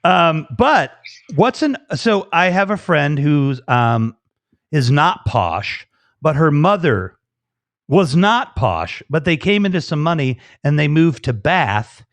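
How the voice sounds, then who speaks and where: A man's voice: a little high, sing-song, takes it slowly, dry recording. A man hosting a live online interview, enthusiastic and rambling, joking with his guest. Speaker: host. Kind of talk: casual live interview chat. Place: video call.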